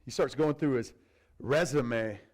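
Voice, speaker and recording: A man preaching a sermon as a pastor, telling the story in an animated, conversational way with asides to the congregation. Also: mid-range voice, a little slow, low-quality recording.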